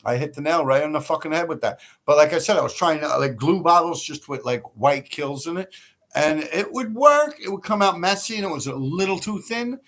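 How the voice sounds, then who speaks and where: A New York City man hosts a livestream, telling rambling, profane stories and laughing often in casual fashion. His voice is fairly high, animated, a little fast and a bit bright.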